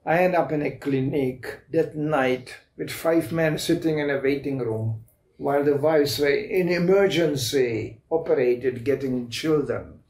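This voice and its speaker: Man lecturing with a mellow, roomy echo. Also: a little high, distant mic, slight background noise. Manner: storytelling, laughs often, halting restarts. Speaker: spiritual lecturer. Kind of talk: anecdotal spiritual lecture. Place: club lecture room.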